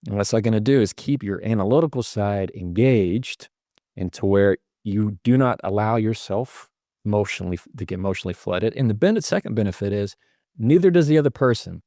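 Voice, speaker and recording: Male guest, low-ish voice, dry close sound, explains advice and demos example phrasing. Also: warm tone, no echo. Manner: illustrates points with acted-out sample lines. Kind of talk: conversational advice.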